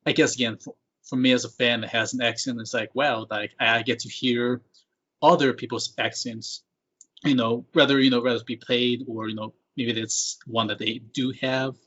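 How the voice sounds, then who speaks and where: A man with a Mexican accent, Spanish being his first language, hosts a relaxed chat in a bright, forward voice. He halts and searches for his words as he goes, and the recording sounds dull and lo-fi. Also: mid-range voice, moderate pace. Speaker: podcast host. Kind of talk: casual interview chat. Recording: dull lo-fi audio.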